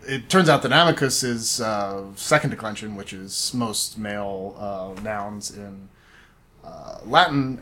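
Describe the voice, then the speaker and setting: A man's voice: lowish voice, bright, forceful tone, a little hiss or hum. A man co-hosting a podcast in casual chat, talking at length in a digressive, explaining way with many fillers and restarts. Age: adult, studied Latin up to eleventh grade. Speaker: podcast co-host.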